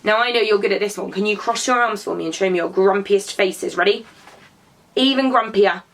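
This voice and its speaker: A woman who teaches drama to young children, telling a story and prompting them to act it out in an animated, encouraging way. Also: medium pitch, brisk.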